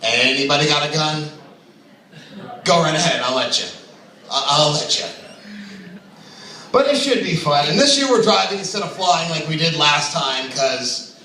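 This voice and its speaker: Brash, crude male open mic comic, high lively voice; far-off mic, very echoey room. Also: moderate pace, pauses often, slight background noise. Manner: crude, brash, laughs at his own jokes. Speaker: stand-up comedian. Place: comedy club stage.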